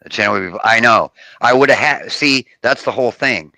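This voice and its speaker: A man's voice: mid-range voice, a little fast, bright, forceful tone, dry recording, low-quality recording. A man from Florida, a guest in a casual chat, rambling and restarting his sentences as he talks.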